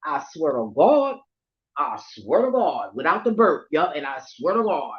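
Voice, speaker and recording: A woman vlogger telling a story to her viewers in a casual, profane rant, laughing often and swinging from low murmurs to near shouts. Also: big pitch swings, a little slow, dull audio.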